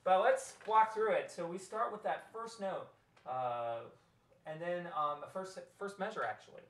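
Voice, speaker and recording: A man's voice: sits high, measured pace, recorded from a distance. Man coaching choir singers. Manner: walks through the score, sings short phrases. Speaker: choir director. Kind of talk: choral rehearsal instruction. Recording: roomy, from off mic.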